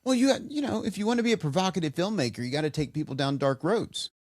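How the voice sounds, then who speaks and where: A man's voice: fairly high pitch, expressive, dry recording, clean studio sound. A man co-hosting a podcast, telling stories in a casual, rambling way with frequent restarts. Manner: rambling, halting storyteller with many restarts. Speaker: podcast co-host. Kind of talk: casual chat.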